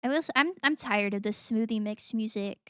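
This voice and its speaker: A woman's voice: a little high, a little fast, a bit bright, clean tone, dry recording, clean studio sound. Giggly, emotional woman streamer. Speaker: game streamer. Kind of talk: let's play commentary. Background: faint game music.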